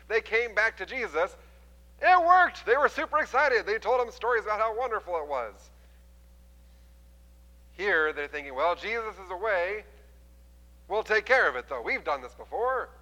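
A man preaching a sermon, retelling a scripture story with lively voices for the people in it. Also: on the high side, in a large hall, poor audio. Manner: animated storytelling, acting out quoted voices. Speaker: pastor.

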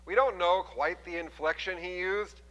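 Man, pastor, sermon, bright ringing voice, animated storytelling, long hall reverb. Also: high-pitched, moderate pace, muffled recording.

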